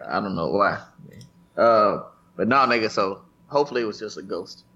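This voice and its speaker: Man, podcast co-host, casual chat, bright lively voice, animated storytelling. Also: fairly low pitch, normal speed, husky, dull audio.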